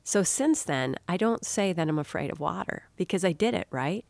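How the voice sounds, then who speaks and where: A woman's voice: fairly low pitch, expressive, moderate pace, creaky, a little mellow, dry recording, clean studio sound. A middle-aged woman hosting an inspirational talk show, telling a personal story in a chatty, encouraging way and speaking to the listener as a dear soul. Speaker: podcast host and author.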